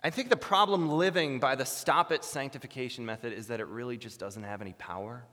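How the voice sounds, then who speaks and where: An earnest male preacher delivering a sermon, climbing into emphatic bursts. His voice is bright and forceful. A long hall reverb follows every phrase. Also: mid-range voice, a little fast.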